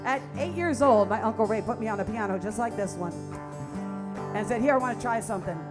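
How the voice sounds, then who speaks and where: A woman's voice: a little high, a little fast, over loud music. A woman in her fifties, a singer hosting her own show, chatting on stage in a coffee shop in a self-mocking, nervous way. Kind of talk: casual stage banter.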